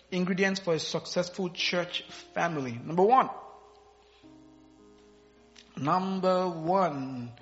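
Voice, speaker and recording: A man's voice: a little high, bright, forceful tone, highs cut off. A man preaching a sermon in a church, playfully quizzing the congregation and laughing with them. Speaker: pastor. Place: church hall.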